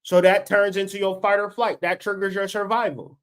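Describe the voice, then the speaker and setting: Late-30s guy w a high voice, cussing a lot, preaching hard on his livestream. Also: little pitch movement, fairly quick, clear, resonant tone. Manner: profane, fired-up and preachy. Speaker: livestream host. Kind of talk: unscripted livestream rant.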